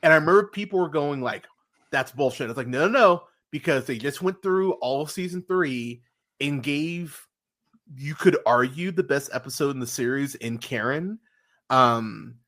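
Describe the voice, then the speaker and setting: With a medium-pitched, fairly bright tone, a male podcast host keeps the review chat loose and lively. Profanity flows easily, and his sentences are full of fillers and false starts.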